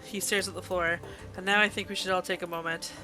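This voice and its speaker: A woman's voice: fairly low pitch, fairly even intonation, quick pace, over music. A woman streaming a game live, reading its text aloud and reacting with gushing, emotional outbursts. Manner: gushing, emotional reactions between read passages.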